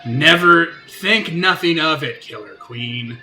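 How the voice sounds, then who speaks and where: A man voicing a gross, odd male god with bobbling plastic eyes, speaking in a low, drawn-out, oily courteous way. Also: lively intonation, echoey room, full character voice. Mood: offering. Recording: loud background music.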